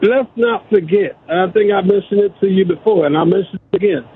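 A man's voice: sits high, a little fast, breathy edge. A man calling in to a radio show, speaking insistently with stammered restarts. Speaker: caller. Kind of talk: phone-in call. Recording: tinny phone line.

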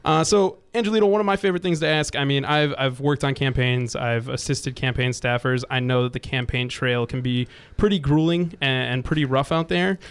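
Smooth-voiced talk radio co-host. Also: male voice, medium pitch, brisk, hardly any pauses. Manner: rambling, many fillers.

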